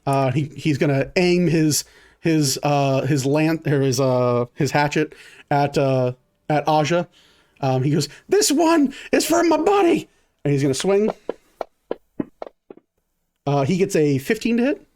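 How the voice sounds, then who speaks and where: A man's voice: on the high side, unhurried, pauses often, a little mellow. A man running a tabletop game as dungeon master, narrating vividly with many fillers.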